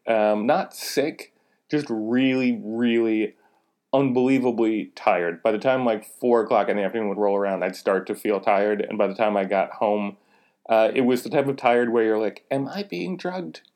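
Low-voiced man telling a rambling story. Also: steady tone, moderate pace, darkish tone. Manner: rambling, frank, profane. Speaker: podcast co-host. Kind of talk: casual comic storytelling.

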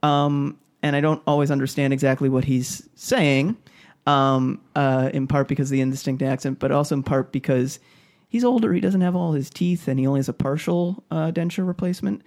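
A man's voice: on the high side, level tone, fairly quick, a little mellow. A man telling a story on a podcast in casual chat, rambling with many fillers and restarts.

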